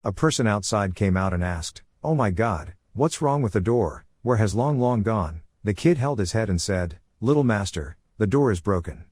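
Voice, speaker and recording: Male recap narrator, low-ish voice, dry close sound, flat delivery. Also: moderate pace, hardly any pauses, no echo.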